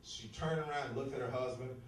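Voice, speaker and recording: A man from the United States doing a profane, animated stand-up set, recorded live in a comedy club with the audience behind him. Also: medium pitch, a little fast, distant mic. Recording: echoey live club, crowd and noise. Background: laughing audience.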